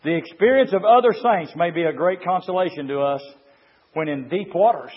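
A man preaching a fiery sermon, swinging from low murmurs to shouted climaxes and reading passages aloud to comment on them. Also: normal speed. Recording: reverberant hall, muffled lo-fi sound.

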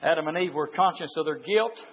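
A man preaching a fiery revival sermon, shouting and chanting in drawn-out emphatic phrases. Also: a little high, slightly rough. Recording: dull lo-fi audio in a reverberant church.

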